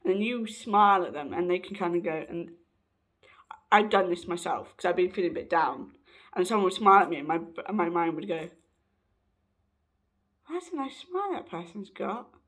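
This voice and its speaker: A man's voice: sits high, fairly quick, fairly bright tone. A young trans man, giving a chatty, joking pep talk to camera. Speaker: vlogger.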